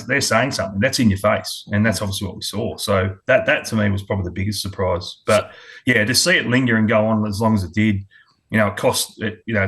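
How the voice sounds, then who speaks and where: On the low side with a fairly bright tone and a breathy edge, the voice belongs to a middle-aged Australian former cricketer and coach speaking as a guest. He's blunt and candid in a casual interview, often restarting what he says.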